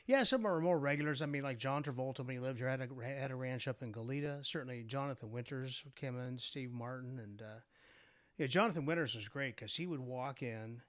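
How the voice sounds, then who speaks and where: A man's voice: mid-range voice, a little fast. An older man, a guest on a talk show, reminiscing about his restaurant in rambling stories full of "uh" and "you know.". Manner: rambling reminiscing storyteller with many fillers. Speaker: guest, former restaurant owner. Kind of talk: casual interview chat.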